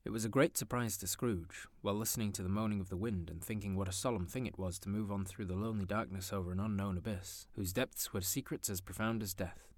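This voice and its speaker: Low-pitched man, audiobook narration, expressive and theatrical, dry close sound. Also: fast, hardly any pauses, dry recording.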